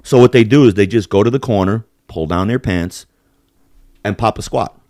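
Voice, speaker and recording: A man's voice: on the low side, moderate pace, no echo, studio quality. A man hosting a podcast, telling crude stories in casual chat, swearing and laughing often. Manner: animated storyteller, swears a lot, laughs often. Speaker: podcast host.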